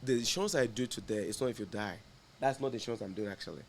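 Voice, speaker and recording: A man's voice: on the low side, rapid-fire, gravelly. A man, an insurance agent, telling stories in casual podcast conversation and laughing through his punchlines.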